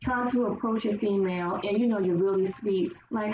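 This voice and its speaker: A woman's voice: medium pitch, normal speed, hardly any pauses. Woman chatting and telling stories, mic a ways off, roomy dull sound. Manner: animated storyteller acting out quoted voices. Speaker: podcast guest. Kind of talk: casual chat. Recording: roomy, distant, dull sound with faint hiss.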